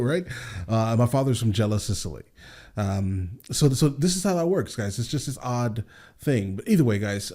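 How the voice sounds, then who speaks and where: A man's voice: mid-range voice, dark tone. A man from the United States, hosting a reaction video, chatting casually with many "right?" check-ins. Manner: rambling, lots of "right?" and "um" tag-ons.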